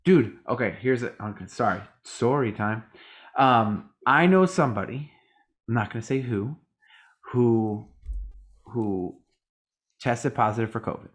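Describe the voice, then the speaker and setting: A man's voice: medium pitch, measured pace, long pauses. A tired man co-hosting a podcast, rambling in casual chat, swearing freely and acting out other people's lines. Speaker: podcast co-host.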